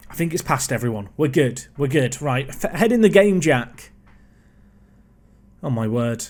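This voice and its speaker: Chatty man commentating his football game. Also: a little high. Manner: chatty, excitable play-by-play with self-talk. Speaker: gaming YouTuber.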